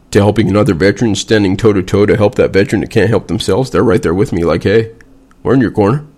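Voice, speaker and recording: A man's voice: sits low, a little mellow. A man, a veteran vlogger, delivering a blunt, sarcastic and heavily profane casual rant.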